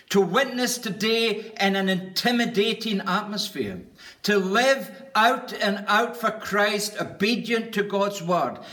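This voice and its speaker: A man preaching a sermon in an earnest, deliberate way, lingering on each word of a list. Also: high-pitched, sharp tone.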